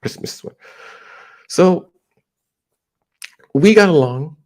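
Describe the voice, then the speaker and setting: A middle-aged American man talking casually in a rambling, halting monologue with many restarts. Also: a little high, animated. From United States.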